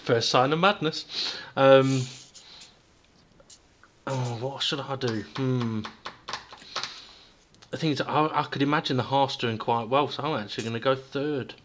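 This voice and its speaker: A British man hosting a relaxed podcast over a remote call, thinking aloud with plenty of ums and easy laughter. His voice sits at a middle pitch, with a faint hiss behind it. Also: measured pace, pauses often. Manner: chatty, hesitant with many ums, laughs often. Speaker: podcast host. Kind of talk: casual podcast chat.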